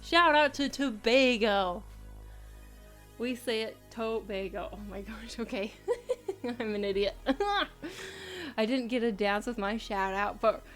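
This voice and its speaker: A woman's voice: mid-range voice, fairly even intonation, measured pace. A woman, live-streaming and chatting casually, reading chat messages aloud and laughing often. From United States. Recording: faint music behind.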